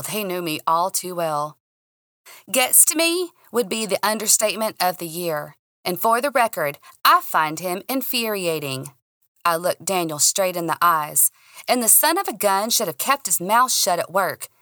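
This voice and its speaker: Bright, dry-voiced woman narrator. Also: fairly low pitch, dry recording. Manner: expressive first-person storytelling with character voices. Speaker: podcast narrator. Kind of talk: scripted story narration.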